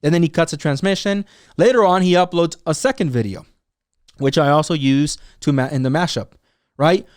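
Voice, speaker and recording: A man hosting his own commentary show, talking excitedly and sarcastically, often acting out other people's words in mocking voices. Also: fairly high pitch, normal speed, no echo, clean studio sound. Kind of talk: animated solo commentary.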